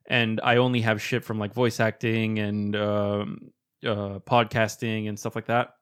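A man co-hosting a podcast, chatting casually with quick asides and frequent laughs. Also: lowish voice, flat delivery, fairly bright tone, smooth. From not American. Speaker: podcast co-host.

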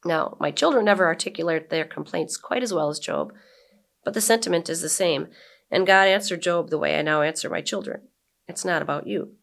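Woman in her 40s, kinda low and gravelly, chatting easy then reading her blog out loud. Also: fairly quick. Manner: relaxed and chatty, reads with emphatic quoted lines. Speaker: guest, blogger and brewery owner. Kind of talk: casual interview chat and reading her blog aloud.

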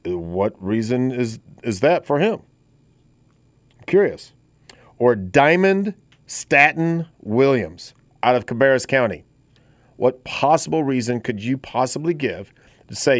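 A man's voice: medium pitch, big pitch swings, unhurried, pauses often, dry recording. A man in his fifties hosting a talk radio show, talking in a conversational, rambling way with frequent restarts. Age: 50s. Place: radio studio.

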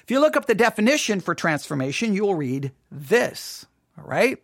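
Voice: mid-range voice, very animated, normal speed, dry recording, studio quality. A podcast host talking casually, rambling, repeating words and asking listeners rhetorical questions.

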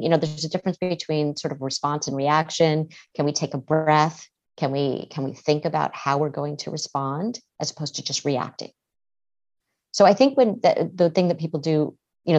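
Brief: reflective woman giving advice, lower-pitched. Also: darkish tone, lo-fi sound. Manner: measured, reflective, restarts words. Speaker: therapist and author guest. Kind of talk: advice-giving interview answers.

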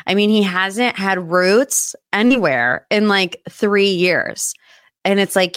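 Woman in her 30s, US pop-culture podcast host, expressive pitch jumps, dry close mic. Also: no room sound. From United States. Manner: chatty and emotional, voice jumping high when excited. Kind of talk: casual solo podcast chat.

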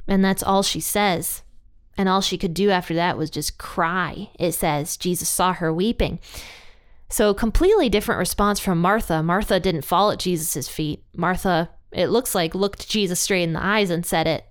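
A woman's voice: on the low side, moderate pace, clear, resonant tone. A woman hosting a Bible study podcast, talking through a passage in an earnest, reflective way. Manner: earnest and reflective, with frequent restarts. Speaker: Bible teaching podcast host. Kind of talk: casual Bible study talk.

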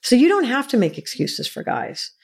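A woman's voice: a little high, huge pitch swings, normal speed, gravelly, husky. A middle-aged woman, a guest expert, explaining in an interview in an earnest, teacherly way, laying out her points one by one.

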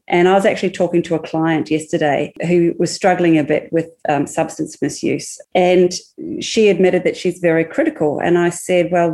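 Mellow low-voiced woman coach. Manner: calm, encouraging, explanatory. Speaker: podcast guest, mental skills coach. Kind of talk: casual podcast chat.

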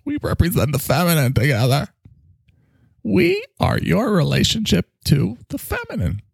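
A man voicing a cocky, needy male talking microphone that swoops in pitch and bursts into shouts. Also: wildly swooping pitch, normal speed, creaky, husky, no echo, clean studio sound, heavily acted. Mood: gushing. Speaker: podcast co-host character. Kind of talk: improvised comedy bit.

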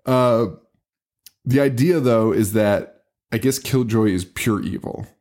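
A man's voice: mid-range voice, slow, darkish tone. Laughing, swearing male podcast host. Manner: profane, laughing, incredulous. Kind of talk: casual movie recap chat.

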